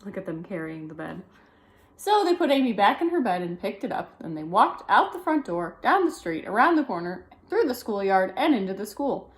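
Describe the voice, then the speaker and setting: A woman reading a children's picture book aloud, with lively delivery and chatty asides about the pictures. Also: medium pitch, moderate pace. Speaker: storybook reader.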